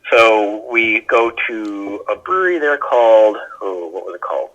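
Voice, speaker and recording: A man's voice: lowish voice, lively intonation, measured pace, fairly bright tone, dull audio. A man guesting on a podcast, telling stories in a loose, chatty way with lots of fillers and restarts. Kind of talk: casual conversational storytelling.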